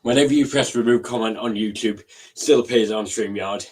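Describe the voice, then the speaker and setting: Excitable male guest calling the match. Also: on the low side, slightly rough. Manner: excitable, quick match calls mixed with chat. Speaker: guest co-commentator. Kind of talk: casual live match commentary.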